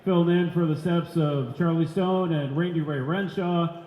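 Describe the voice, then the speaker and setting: A high-voiced man hosting a live radio broadcast, chatty and upbeat with easy little jokes. He speaks from a big event center, his voice ringing with a long hall reverb. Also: fairly even intonation, moderate pace, highs cut off. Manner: upbeat, chatty, light joking. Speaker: radio host.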